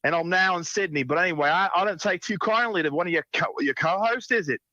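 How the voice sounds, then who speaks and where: A man's voice: sits high, fast, sharp tone, dry recording. A man voicing a grumpy adult male prank caller whose fake accent keeps wandering, speaking in an indignant, accusing way. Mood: grumbling. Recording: dull phone line.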